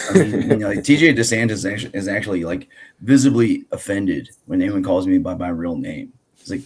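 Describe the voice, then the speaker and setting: A man's voice: low voice, brisk, darkish tone, husky. A man hosting a casual grappling podcast, rambling with many fillers and restarts. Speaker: podcast host.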